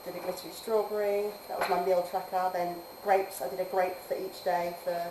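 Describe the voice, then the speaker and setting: A woman who teaches adults, chatting casually on a game live stream, talking in a chatty way, laughing often and drifting from soft to lively. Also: fairly low pitch, brisk. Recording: roomy echo, faint background noise.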